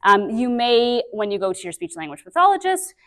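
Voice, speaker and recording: A woman's voice: a little high, sing-song, fairly quick, fairly bright tone. Chatty woman coaching a workshop group. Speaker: speech therapist presenter. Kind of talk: live workshop presentation.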